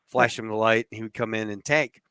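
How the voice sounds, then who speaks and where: A man's voice: on the low side, steady tone, brisk, bright, forceful tone, clean tone, no echo, clean studio sound. A man hosting a podcast, telling an anecdote in a casual way and acting out the quoted voices. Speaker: podcast host. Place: lives in Texas.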